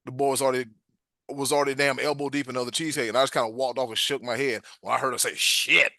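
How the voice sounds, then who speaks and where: A man on a casual podcast, telling a story in a blunt, animated, joking way. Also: mid-range voice, rapid-fire, no echo, studio quality. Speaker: podcast co-host.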